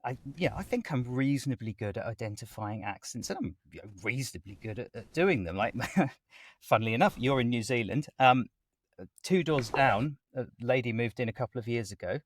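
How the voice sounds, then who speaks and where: A man speaking as a guest voice actor in a conversational interview, chatty and animated as he explains his work at length. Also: medium pitch, fairly quick.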